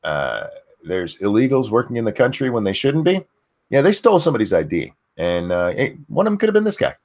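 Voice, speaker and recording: A man co-hosting a casual news livestream, talking haltingly with many fillers. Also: mid-range voice, sing-song. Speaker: co-host.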